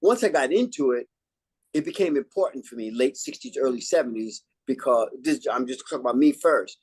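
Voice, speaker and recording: An older man from New York, an actor, telling stories in a relaxed interview and acting out old lines and catchphrases. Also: medium pitch, a little fast, slightly rough. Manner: animated, acts out quotes and catchphrases. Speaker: actor guest.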